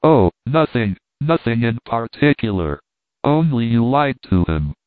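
A man voices a tiny, mold-covered dwarf, smug and sneering, who stretches his words into a slow, mocking drawl. The voice comes through a tinny, phone-like channel, smooth and dry. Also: medium pitch, very animated, no echo. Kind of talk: audiobook reading.

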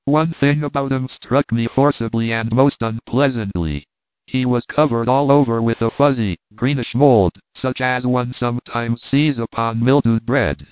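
A man reads a story aloud, steady and deliberate, in a smooth, resonant voice. The sound is dry and squeezed into a tinny, phone-like band. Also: medium pitch, dry recording. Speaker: narrator. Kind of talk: audiobook reading.

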